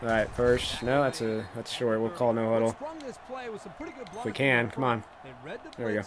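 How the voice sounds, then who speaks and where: A man giving casual commentary while playing a football video game, thinking aloud about his plays and breaking into excited laughter; his voice cracks now and then. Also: medium pitch, normal speed, a crowd in the background. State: voice cracking, coughing.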